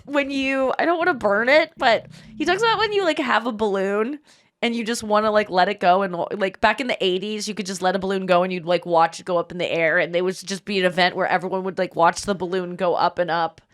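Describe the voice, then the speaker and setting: Woman host, 30s, casual podcast storyteller, lively, mid-pitched. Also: quick pace. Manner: animated storytelling, acts out quoted voices. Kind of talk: casual chat.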